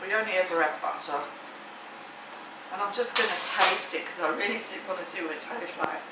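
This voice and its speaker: A woman vlogs casually from her home kitchen, chatty and enthusiastic, with lots of ums and restarts. Her voice is fairly low-pitched and she talks fairly quickly. The mic is distant, and the room is echoey and noisy.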